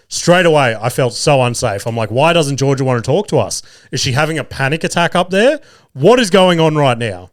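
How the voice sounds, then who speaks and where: A young man spins a swear-heavy story on his podcast, jumping into mock voices of the people he met. His voice sits at an ordinary middle pitch and comes through smooth and clear. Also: a little fast. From Australia. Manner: profane, animated, mocking impressions of others. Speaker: podcast host. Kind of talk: casual storytelling monologue.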